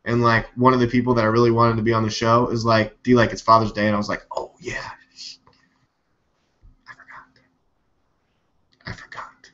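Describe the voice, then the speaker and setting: A man runs his own live news stream in loose, rambling commentary, skeptical and quick to swear. His voice has a bright, sharp edge. The audio sounds dull and lo-fi, like a cheap webcam mic. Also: mid-range voice, flat delivery. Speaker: live news show host.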